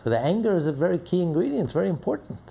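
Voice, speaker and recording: A man's voice: sits high, sing-song, racing, vocal fry, dark tone, breathy edge. A man teaching a religious lesson in an emphatic manner, with rhetorical questions and repeated phrases. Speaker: Torah teacher.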